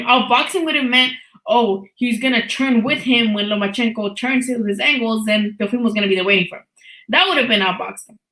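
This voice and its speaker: A woman in her thirties runs a casual live stream, talking bluntly and with a lot of swearing. Her voice sits fairly high and sounds bright and sharp. The room around her is echoey. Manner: animated, blunt, swears freely, laughs often. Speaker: host of a live boxing talk stream.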